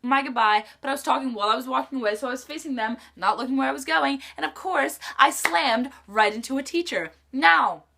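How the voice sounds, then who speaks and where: A woman's voice: high voice, fairly quick, gravelly, hardly any pauses, pushed and bright, slight background noise. A teenage girl vlogging in a chatty storytime style, full of "like" fillers. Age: teens. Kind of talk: casual storytime chat.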